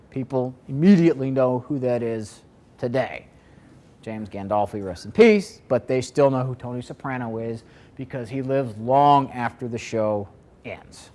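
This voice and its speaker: A man presenting a marketing seminar to a live audience, talking conversationally and asking the room questions. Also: medium pitch.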